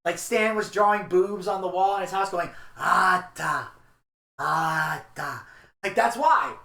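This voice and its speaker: A man's voice: high voice, fairly quick, a bit bright. A man co-hosting a casual podcast review, rambling and opinionated with plenty of crude language. His voice sits in an echoey room. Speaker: podcast co-host.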